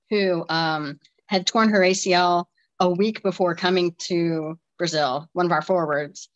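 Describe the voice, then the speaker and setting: A woman's voice: fairly low pitch, fairly bright tone, low-quality recording. A woman in her forties, a deaf soccer player from the United States, chatting in an interview and telling stories animatedly with frequent restarts and laughter. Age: 40s. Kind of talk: casual interview chat.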